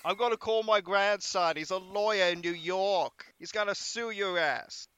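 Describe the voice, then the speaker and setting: A man's voice: sits high, normal speed, a bit bright, smooth, no echo. A man doing a grumpy old man. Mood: boastful. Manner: clumsy, half-hearted. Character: grumpy old man bragging of his lawyer grandson.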